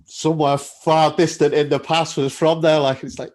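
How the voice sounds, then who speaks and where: A man's voice: on the high side, little pitch movement, moderate pace, darkish tone. A man hosting a podcast in casual chat, friendly and laughing along with short questions. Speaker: podcast host.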